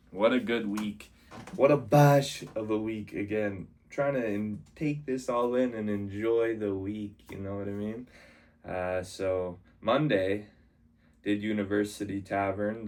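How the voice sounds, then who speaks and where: A man who does stand-up comedy, casually recapping his week in a rambling way and repeating himself often. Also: fairly low pitch. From Canada. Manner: rambling, repeats "amazing", acts out quotes.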